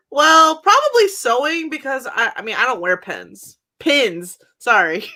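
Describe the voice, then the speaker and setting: A woman's voice: high voice, very animated, measured pace, pushed and bright. A woman from Florida co-hosting a podcast, bantering playfully and giggling often. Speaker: podcast co-host. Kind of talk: casual chat.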